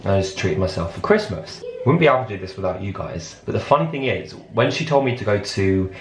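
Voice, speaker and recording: A man's voice: on the low side, sing-song, brisk, slight background noise. A man vlogging in a chatty storytelling way, acting out lines of dialogue as he tells a story in an airport lounge. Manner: chatty, acts out his own and others' lines in quotes. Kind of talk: casual storytelling to camera. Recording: roomy echo.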